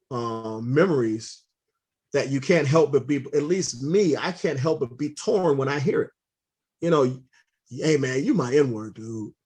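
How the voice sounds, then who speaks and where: A man being interviewed for a podcast, answering in a thoughtful, measured way. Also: fairly high pitch, darkish tone, breathy edge.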